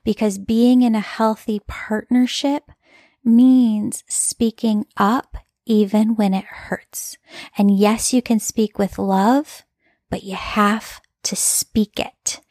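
A woman voicing God as a calm guiding spirit in a soft, slow whispered role-play. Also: a little high, no echo. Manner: soft, slow, hushed guidance.

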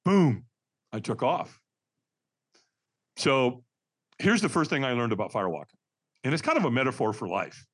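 A man telling a personal story as a podcast guest, energetic and vivid, acting out what others said. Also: mid-range voice, moderate pace, pauses often, husky. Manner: energetic, acts out quoted voices, frequent restarts. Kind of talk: animated storytelling.

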